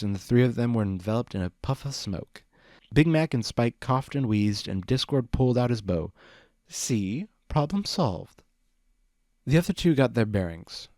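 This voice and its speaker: A man reading a fan fiction story aloud, with steady narration. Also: medium pitch, no room sound, studio quality. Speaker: reader.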